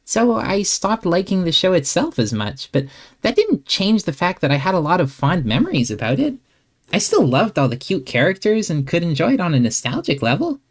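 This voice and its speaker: A woman's voice: lowish voice, sing-song, moderate pace. A woman playing an easygoing teenage girl who teases and pushes back, upbeat and incredulous, in a fan-made comic reading. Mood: reasoning.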